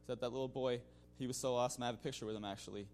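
A man's voice: mid-range voice, fairly even intonation, racing, a little mellow, a little hiss or hum. A man giving a spoken testimony to his congregation in a loose, conversational way, full of "you know" fillers, restarts and the odd chuckle. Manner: chuckles now and then. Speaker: church member giving a mission-trip testimony.

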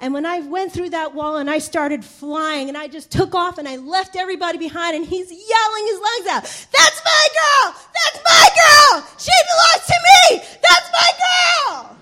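A hard-driving male track coach who barks orders and pushes his runners without mercy, as a woman puts him on. The voice stays high and ringing while he snaps commands. It carries the energy of a sermon story told from the pulpit. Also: brisk, hardly any pauses. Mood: shouting. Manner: barking, taunting, then shouting encouragement.

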